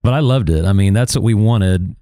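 Low, mellow-voiced male podcast co-host. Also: fairly quick, no echo, studio quality. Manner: easygoing, laughs often, chatty analysis. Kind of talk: casual sports chat.

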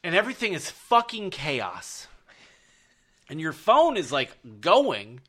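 Swearing, animated podcast host with bright voice. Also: male voice, fairly high pitch, takes it slowly. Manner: profane, animated, emphatic storytelling. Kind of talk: casual storytelling chat.

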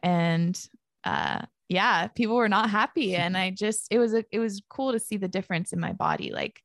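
A young woman chatting as a podcast guest, filling her talk with "like" and quick laughs. Her voice has a gravelly fry at the ends of phrases. The recording is close and dry, with no room sound. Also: medium pitch, very animated, no echo. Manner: chatty, fills speech with "like", laughs often. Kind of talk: casual conversation.

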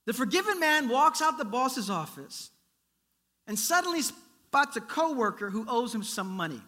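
A man preaching a sermon, telling a story in a lively way and acting out its characters. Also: extremely high pitch, moderate pace. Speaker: pastor.

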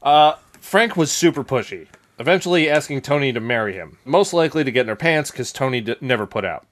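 A man's voice: mid-range voice, animated, fairly quick. A man casually telling a story on a comedy podcast, crude and loose, laughing as he goes.

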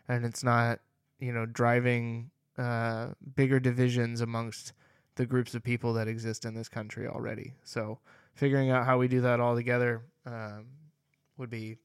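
Man, podcast co-host, jokey and chatty, smooth clear tone, dry close mic. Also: medium pitch, no echo. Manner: joking, laughs often, trails off with fillers. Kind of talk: casual chat.

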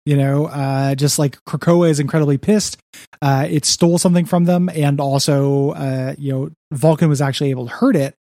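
A man's voice: on the high side, fairly even intonation, moderate pace, dark tone, no room sound, clean studio sound. A man co-hosting a podcast, recapping a comic book in casual, rambling chat full of "you know" and "like". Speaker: podcast co-host.

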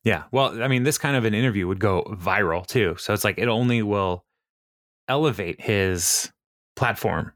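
Low-voiced man recapping a show. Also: moderate pace, a bit bright, no room sound, clean studio sound. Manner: chatty retelling with frequent laughs and fillers. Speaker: podcast co-host. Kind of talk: casual chat recapping a TV episode.

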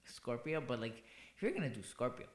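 A man co-hosting a casual chat, gossipy and agreeable, tossing in sassy asides. His mid-pitched voice rings with a roomy echo. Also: very animated, fairly quick. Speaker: podcast co-host.

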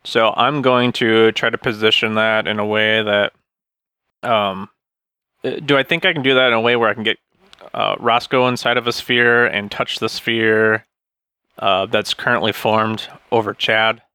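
A man with a fairly low but bright, forceful voice plays a tabletop game. He hesitates and thinks aloud while planning his moves. The recording is dry and close. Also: steady tone, normal speed, clean tone, no echo. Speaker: player. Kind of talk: casual tabletop play.

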